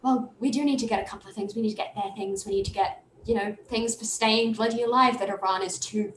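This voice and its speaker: A woman's voice: mid-range voice, fairly even intonation, fast talker, reverberant, slight background noise, natural voice, poor audio. A woman voicing a fierce, stubborn woman who scolds and swears in a tabletop game. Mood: scolding.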